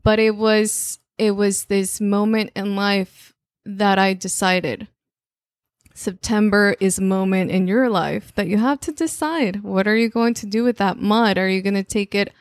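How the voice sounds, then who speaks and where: Woman, Mexican Spanish accent, native Spanish, spiritual channeler; reflective storytelling with restarts, mid pitch, dry room. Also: a little slow, no room sound. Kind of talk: monthly spiritual guidance talk.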